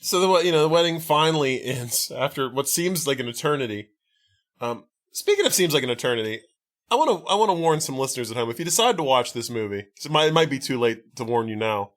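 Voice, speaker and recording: Man, podcast host, casual movie recap, wry, profane, rambling, mid-pitched voice. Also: expressive, quick pace.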